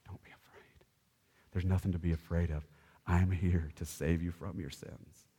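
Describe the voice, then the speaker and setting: A man preaching who voices Jesus comforting a frightened disciple, speaking softly and tenderly in a hushed tone. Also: mid-range voice, brisk, long reverb tail, lightly acted.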